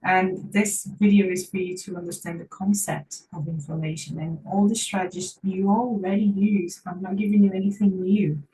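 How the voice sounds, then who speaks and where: A woman's voice: fairly low pitch, steady tone, normal speed, few pauses, warm tone, recorded from a distance, slight background noise, poor audio. A woman physiotherapist giving an online workshop talk, speaking earnestly and encouragingly and repeating phrases for emphasis.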